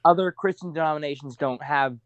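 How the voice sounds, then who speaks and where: A young man co-hosting a casual movie review, loudly explaining a point to his co-host. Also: on the high side, a little fast, highs cut off. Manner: loud, explanatory, chimes in with quotes.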